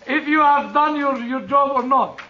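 A man, a chaplain, giving an earnest sermon and telling personal stories, leaning hard on some words and letting quieter phrases trail off. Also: very high-pitched, normal speed, a little hiss or hum. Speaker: chaplain and preacher. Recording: dull lo-fi recording.

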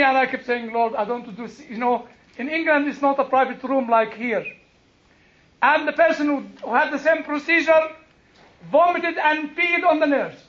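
A male preacher giving an animated sermon, questioning his congregation, exclaiming and laughing as he teaches. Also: very high-pitched, muffled recording.

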